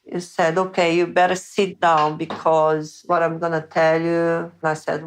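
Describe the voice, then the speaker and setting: A middle-aged mother speaking in a personal interview, halting and repetitive. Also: fairly low pitch, flat delivery, slight background noise. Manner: slow, halting, repeats words.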